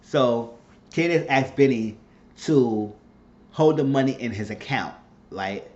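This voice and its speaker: A man casually recapping a TV drama episode, animated and profane, acting out what the characters say. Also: mid-range voice, slow pace, dull audio. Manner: animated retelling, frequent cursing, acts out characters' lines. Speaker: TV episode reviewer.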